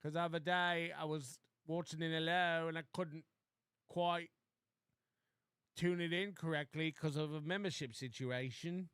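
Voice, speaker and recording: A man's voice: on the high side, steady tone, measured pace, a bit bright, clear, resonant tone, no echo, clean studio sound. A man putting on a whiny English beggar. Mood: pleading. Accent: put-on English. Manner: whiny, pleading. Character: pleading English man begging for a membership. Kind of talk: comedic impression on a podcast.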